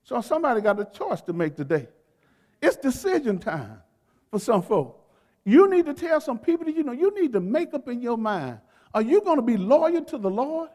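Male pastor, very high voice, call-and-response sermon with emphatic stresses, long hall reverb. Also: sing-song, darkish tone. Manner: call-and-response preaching, urging the congregation to repeat words; emphatic, drawn-out stresses on key phrases. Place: church sanctuary.

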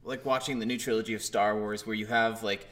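A man's voice: fairly low pitch, flat delivery, brisk, a bit bright. A man in casual chat about a video game, agreeable and often backing his co-host with short replies.

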